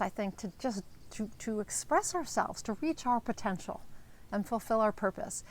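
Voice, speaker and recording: A woman life coach giving an earnest, encouraging motivational talk with frequent fillers. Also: a little high.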